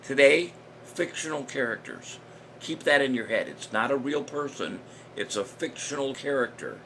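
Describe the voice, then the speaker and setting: A man's voice: medium pitch, lively intonation, moderate pace, background noise. An older man casually hosting a live-stream trivia show, chatty and jokey, chuckling at his own jokes. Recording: music playing under the voice.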